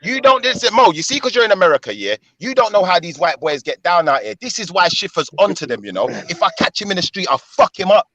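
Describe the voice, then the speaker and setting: A man's voice: high-pitched, big pitch swings, quick pace, hardly any pauses, bright, forceful tone. A young man, arguing aggressively on a live stream and hurling insults. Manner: aggressive, insulting, keeps repeating "bro". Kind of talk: heated live-stream argument. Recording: muffled, dull audio.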